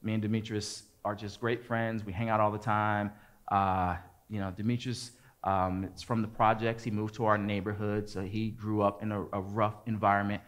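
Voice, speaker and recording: A man in his forties, a pastor preaching, telling a lively personal story and acting out what people said. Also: fairly low pitch, moderate pace. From American suburbs. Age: 40s. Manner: lively storyteller, acts out quotes and gets loud at the climax. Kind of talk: sermon with a storytelling anecdote.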